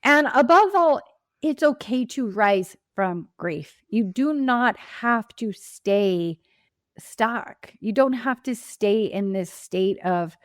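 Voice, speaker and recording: A woman's voice: fairly high pitch, expressive, slow, no echo. Impassioned woman grief coach, dry sound. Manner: impassioned, emphatic, reflective. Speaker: grief coach and podcast guest. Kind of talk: earnest interview answers.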